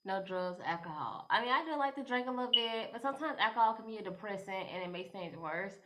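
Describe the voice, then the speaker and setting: A woman's voice: medium pitch, expressive, fast, fairly bright tone. A young woman, giving advice to camera in a rambling, casual vlog style full of "you know" fillers. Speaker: vlogger.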